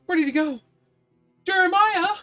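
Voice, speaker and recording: A man voicing a frantic mother who calls out loudly for her son. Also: extremely high pitch, a little slow, faint music behind, pitched above the performer's own voice, full character voice. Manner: loud, calling out.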